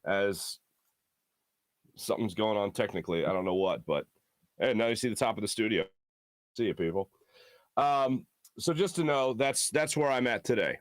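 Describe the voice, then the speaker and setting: A hoarse man with a lowish voice hosts a sports talk show from a studio. He speaks in an earnest, halting, heartfelt way, and the recording sounds dry and close. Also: animated, dry recording.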